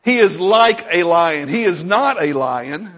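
A man's voice: high voice, lively intonation, unhurried, a bit bright, highs cut off. A male pastor preaching a sermon, emphatic and repeating key lines, chuckling between points.

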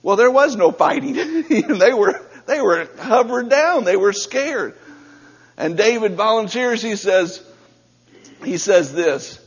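A man preaching a sermon, moving from a quiet prayer into fervent, rising storytelling. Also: a little high, measured pace, breathy edge. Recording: muffled hall recording with long reverb.

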